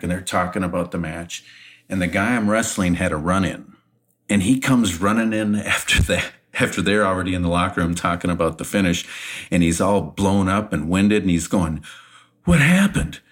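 Low-voiced man telling a wrestling story. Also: moderate pace. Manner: animated anecdote teller, laughs often. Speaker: podcast co-host, retired wrestler. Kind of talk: casual storytelling.

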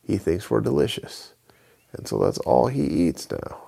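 A man putting on a gossipy, fretful chicken, a little higher than his own deep voice. The voice is husky and gravelly, with a pitch that rises and falls freely. It is a bedtime storybook animal. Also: sing-song, unhurried, warm tone, heavily acted. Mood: chatty, worried. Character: chatty, worried chicken.

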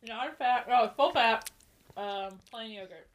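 A woman's voice: a little high, unhurried. A woman joining a casual chat in a playful, giggly, teasing manner, heard from off-mic. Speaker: host's wife.

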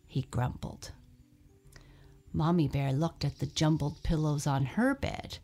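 A woman reads a children's storybook aloud at an unhurried pace, her lowish voice swinging widely in pitch. A gravelly fry runs under her words, and her asides fall to a soft breath. Faint music plays behind her. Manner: slow, expressive, drops to soft breathy asides. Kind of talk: storybook reading.

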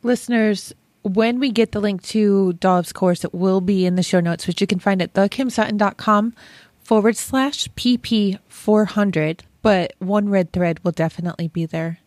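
A woman's voice: medium pitch, moderate pace, darkish tone, dry recording. Woman hosting a podcast, chatty, talks to the listeners, dry close sound. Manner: friendly, chatty, addresses listeners. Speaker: podcast host. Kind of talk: casual interview chat.

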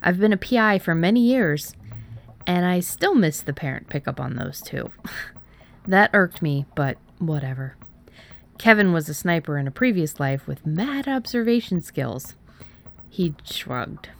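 A woman's voice: fairly low pitch, animated, measured pace, creaky. A woman narrating a first-person Halloween mystery audiobook in a wry, playful manner.

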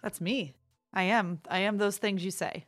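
A woman comedian and writer appearing as a podcast guest, chatting casually with deadpan, absurd jokes. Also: medium pitch, moderate pace, no echo, soft background music.

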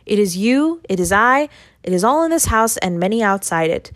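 A woman reading the part of a poor young Italian fisher lad who speaks gravely and earnestly. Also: medium pitch, big pitch swings, moderate pace, a bit bright, dry recording, studio quality.

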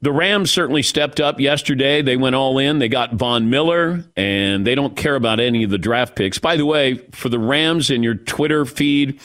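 A man's voice: mid-range voice, moderate pace, few pauses, fairly bright tone. A man hosting a sports talk radio show, firing off opinionated takes and rhetorical questions.

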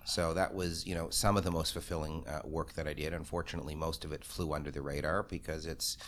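A middle-aged man from Canada, a podcast guest telling stories in a quick, loud, lively conversational way. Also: very deep voice. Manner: quick, loud, few fillers. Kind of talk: conversational storytelling.

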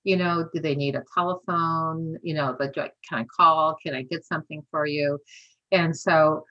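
A woman's voice: low voice, steady tone, normal speed, highs cut off. A woman in her sixties telling stories in a casual, chatty way, laughing often and acting out what people said. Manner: chatty, peppered with "you know" and laughter, acts out dialogue. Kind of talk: casual storytelling.

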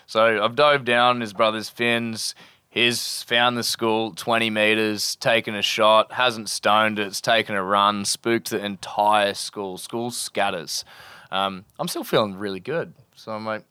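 A man's voice: lowish voice, steady tone, measured pace, bright, forceful tone, smooth, no room sound. A young Australian man telling a spearfishing story as a podcast guest in a laid-back, slangy way, swearing freely. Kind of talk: casual storytelling.

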